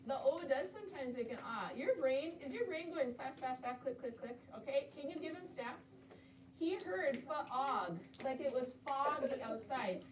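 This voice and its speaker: Woman, elementary teacher running a phonics lesson, high voice, encouraging, stretches out sounds; echoey room, heard from afar. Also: lively intonation, a little hiss or hum. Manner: encouraging, sounds out words slowly. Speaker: second-grade teacher. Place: classroom. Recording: roomy classroom audio from a distance.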